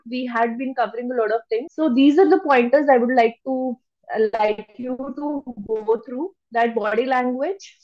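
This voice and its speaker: Woman w teaching public speaking, punchy stress on words, kinda high, dull muffled sound. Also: a little mellow. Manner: emphatic, deliberately shifts pitch to stress words. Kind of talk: lecture to an online audience.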